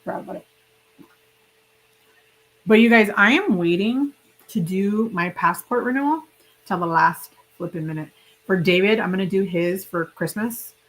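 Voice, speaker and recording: A woman's voice: on the low side, low-quality recording. A woman hosting a casual livestream, chatting and rambling directly to her viewers while sick and hiccuping. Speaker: livestream host.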